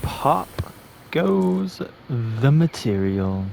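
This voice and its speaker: A man giving casual gameplay commentary in quiet, muttered asides. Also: medium pitch, big pitch swings, very slow, creaky, a little hiss or hum.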